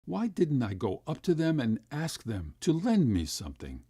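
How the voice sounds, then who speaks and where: A man's voice: on the high side, wildly swooping pitch, normal speed, warm tone, breathy edge, dry recording, clean studio sound, pitched above the performer's own voice, full character voice. A man voicing a poor, starving father who speaks in a hollow, shaking voice. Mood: muttering.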